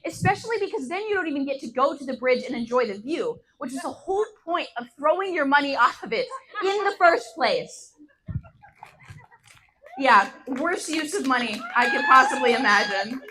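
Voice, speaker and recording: A young woman in her teens performing a stand-up set on a bar stage, telling deadpan stories that jump to loud punchlines. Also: high voice, slight background noise, rough recording. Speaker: stand-up comedian.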